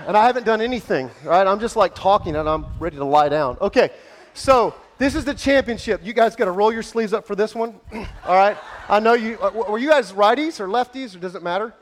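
High-voiced pastor, excitable and hoarse. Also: male voice, brisk. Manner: energetic, joking, shouting with excitement. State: out of breath, scratchy throat. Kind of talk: lively church service hosting. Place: large church hall with congregation.

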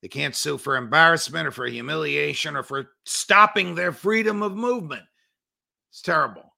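Raspy, bright-toned man lecturing emphatically. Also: fairly high pitch, moderate pace. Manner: emphatic, lecturing, builds to indignation. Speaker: guest commentator. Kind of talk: political commentary.

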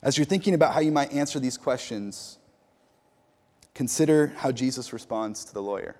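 A man delivers a sermon as the community's pastor. He talks in an easygoing, chatty way, stumbling and repeating words as he tells a story. His voice sits at an ordinary middle pitch and carries a long reverb from a large hall. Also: normal speed, dark tone. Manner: conversational storytelling with fillers and repeats.

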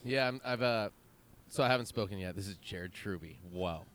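A man's voice: lowish voice, moderate pace, fairly bright tone. A man hosting a podcast in a chatty, easygoing way while sitting outdoors. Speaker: podcast host. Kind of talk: casual podcast chat. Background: faint traffic.

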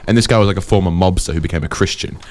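A man's voice: low-pitched, racing, darkish tone. A man co-hosting a comedy podcast, telling jokey, rambling stories full of fillers. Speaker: co-host.

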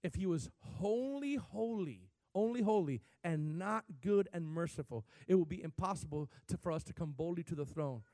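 A man preaching a sermon as pastor, talking animatedly, with sudden swells in pitch and loudness. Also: expressive, normal speed, hardly any pauses, dry recording.

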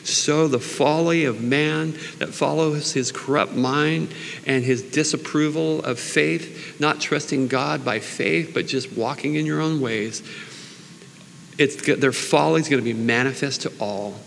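A man preaching in an unhurried, earnest, informal way, mixing Bible readings with personal prayer. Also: fairly high pitch, gravelly, a bit bright. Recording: long reverb, faint background noise.

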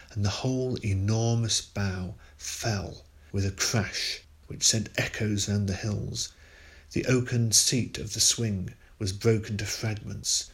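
A man reads a ghost story aloud in a somewhat low voice. His delivery is measured and expressive, dwelling on the tension. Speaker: story reader.

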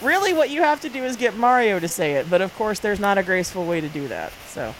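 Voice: medium pitch, very animated, fast talker, poor audio. Rambling self-deprecating podcast host, faint hiss. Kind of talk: casual comedic chat.

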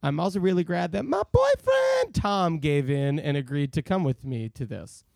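A man's voice: a little high, sing-song, normal speed, gravelly, darkish tone, no room sound. A man co-hosting a casual podcast, reading listener emails aloud and joking around. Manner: reads listener emails aloud, jokey, slips into silly voices. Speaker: podcast co-host.

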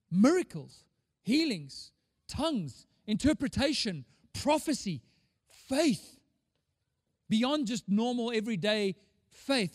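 Emphatic high-voiced pastor preaching. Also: male voice, dry recording, clean studio sound, big-room sound. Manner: emphatic, rhetorical questions, repeats words. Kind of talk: sermon.

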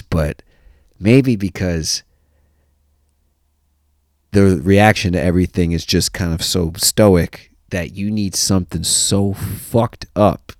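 A man hosting a podcast, telling a funny story with lots of laughter and mock-deadpan asides. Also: low-pitched, no room sound, studio quality. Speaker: podcast host. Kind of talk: comic storytelling.

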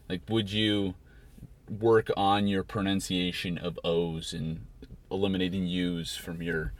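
A man's voice: sits low, level tone, measured pace. A man from Canada hosting a casual podcast interview, teasing and asking long rambling questions. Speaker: podcast host.

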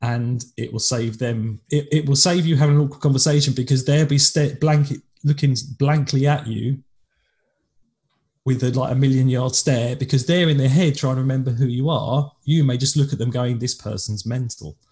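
A man's voice: mid-range voice, steady tone, normal speed, darkish tone. An English man co-hosting a podcast in casual chat, rambling with lots of restarts. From England. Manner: chatty, rambling, with frequent restarts. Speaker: podcast co-host.

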